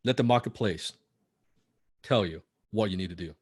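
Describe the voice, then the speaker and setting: A man's voice: deep voice, normal speed, breathy edge, no echo, clean studio sound. Blunt accented man coaching copywriters. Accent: non-native English accent. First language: not English. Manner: blunt, forceful, profane and repetitive. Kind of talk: motivational coaching talk.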